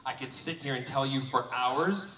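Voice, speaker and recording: A man's voice: medium pitch, normal speed, very noisy. Playful man joking with a crowd. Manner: playful, teasing, camp banter. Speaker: convention panel guest. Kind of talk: live fan panel, joking with audience. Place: large convention hall with audience. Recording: echoey hall, distant, loud crowd.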